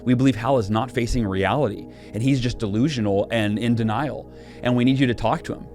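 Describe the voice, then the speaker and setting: A middle-aged man, an interview guest, telling a personal story earnestly, with many restarts and quick shifts in pace. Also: medium pitch. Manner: earnest, animated retelling with frequent restarts. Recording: faint music behind the voice.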